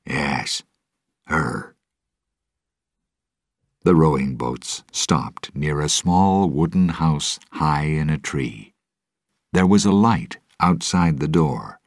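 A male narrator reading a storybook at a steady, deliberate pace. His voice is extremely deep, slow and husky, recorded dry and close. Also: no room sound.

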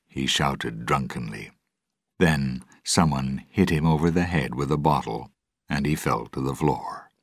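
Very deep, slow, husky male narrator. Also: no room sound, studio quality. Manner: measured, deliberate. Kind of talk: slow storybook read-aloud.

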